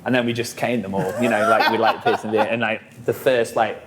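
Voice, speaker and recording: Man, low voice, rambling casual storytelling, lots of fillers and swearing. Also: steady tone, fairly quick, noisy background. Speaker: musician guest.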